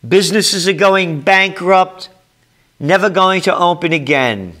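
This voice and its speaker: An older man with a thick New York accent delivers a ranting commentary, sarcastic and emphatic. His voice sits a bit high and sounds bright and forceful, hammering each point home. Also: unhurried. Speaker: trend forecaster.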